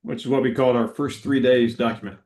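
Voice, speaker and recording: Patient male slide presenter, mid pitch, roomy echo on the call. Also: steady tone, quick pace, a little mellow. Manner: patient, instructional. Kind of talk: webinar presentation. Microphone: video call. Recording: echoey room sound.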